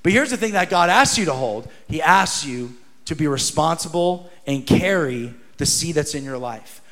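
A man in his thirties delivers a sermon in a high, bright voice. He talks casually and with energy, tossing in slangy asides and acting out little quoted exchanges as he preaches. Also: animated, moderate pace. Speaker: pastor.

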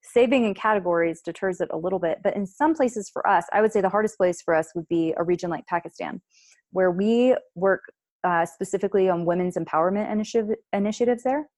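A woman describing her nonprofit's work in a conversational interview. She explains earnestly and fills her pauses with ums and likes. Her voice sits in a middle register and is recorded dry and close. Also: medium pitch, a little mellow, dry recording. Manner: earnest, explanatory, uses many fillers. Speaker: nonprofit program leader.

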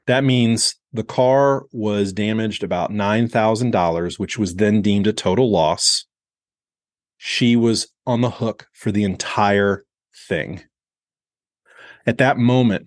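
Man, 40s, podcast host; lowish voice, candid reflective storyteller, dry close sound. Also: dry recording. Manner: reflective, candid, slows down on heavy moments.

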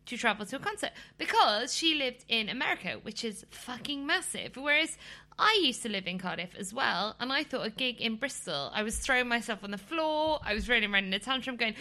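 A woman co-hosting a podcast with teasing, quick-witted banter. Her voice sits a little high and bright and swings widely in pitch. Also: animated. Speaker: podcast co-host. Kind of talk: casual podcast chat.

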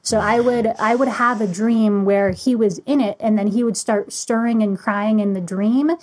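A woman, a guest author, relaxed and lightly amused as she tells a personal anecdote. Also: mid-range voice, moderate pace, poor audio. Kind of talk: anecdotal conversation.

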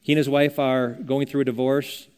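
A man's voice: mid-range voice, flat delivery, moderate pace, a little mellow, clear, resonant tone. Older guy pastor preaching, chatty and earnest, big church hall echo trailing off. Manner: earnest, conversational, with storytelling. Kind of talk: sermon. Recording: long reverb of a church hall.

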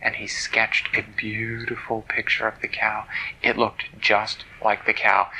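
Gravelly playful bedtime storyteller, man. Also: on the low side, rough recording. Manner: gentle and playful, drops to hushed whispers.

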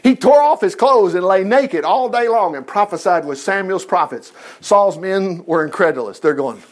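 Male Bible teacher, higher voice, animated, chatty, chuckles as he goes. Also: moderate pace, few pauses.

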